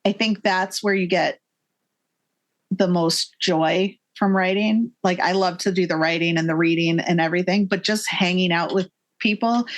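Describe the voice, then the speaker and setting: A woman in her forties from Massachusetts is a guest author on a casual podcast interview. She talks with enthusiasm in a fairly low voice, using many fillers and acting out little quotes.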